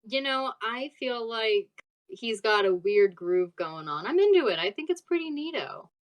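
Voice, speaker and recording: A woman's voice: a little high, expressive, normal speed, muffled recording. Giggly woman playing a tabletop game. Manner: giggly, trailing off mid-sentence. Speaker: tabletop player. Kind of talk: casual in-character tabletop chat.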